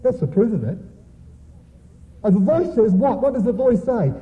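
High-voiced preacher in an echoing hall. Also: male voice, sing-song, moderate pace, long pauses. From Australia. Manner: emphatic, repeats points and keeps addressing the congregation. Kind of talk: sermon. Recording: tinny lo-fi recording with long hall reverb.

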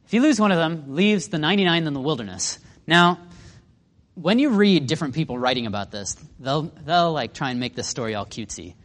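A man gives a Bible lesson in a chatty, questioning way. His voice sits fairly high and swings widely as he talks. The sound carries a long reverb, as if from a large hall. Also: a little fast. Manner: lively, conversational, asks the listeners questions. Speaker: Bible teacher.

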